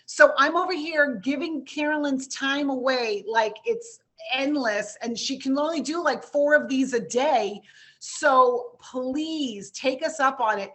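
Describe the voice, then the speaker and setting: A woman from New York with a New York accent, hosting a webinar and wrapping it up in a brisk, chatty, enthusiastic way over a video call. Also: high voice, sharp tone. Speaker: webinar host. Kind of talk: casual webinar wrap-up.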